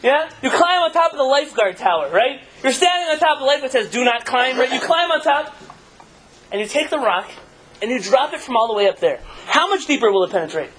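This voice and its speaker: A man's voice: extremely high pitch, sing-song, quick pace, a bit bright, poor audio. A man, a rabbi, giving a live talk and telling stories in a conversational way, asking his audience questions.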